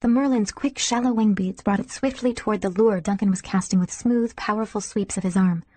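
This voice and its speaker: Woman audiobook narrator, soft and intimate with a mellow, breathy tone and a dry sound. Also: mid-range voice, fairly quick, dry recording. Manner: soft, intimate, sometimes whispering.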